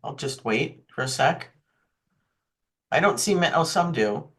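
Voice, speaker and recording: A woman's voice: low-pitched, animated, unhurried, fairly bright tone. A woman giving an online marketing workshop on a video call, chatty and often checking in with her listeners. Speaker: marketing presenter.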